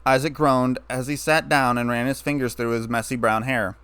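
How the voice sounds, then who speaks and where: Brief: male narrator, mid pitch, steady storyteller, dry close recording. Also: a little fast, few pauses, clear, resonant tone, no echo. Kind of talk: fan fiction reading.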